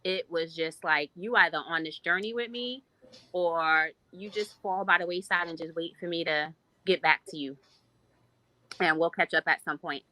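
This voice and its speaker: Bright-voiced woman sharing a heartfelt story. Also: on the low side, moderate pace, no room sound, rough recording. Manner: heartfelt, reflective, speaks in long flowing runs. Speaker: podcast guest. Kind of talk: personal testimony in a podcast interview.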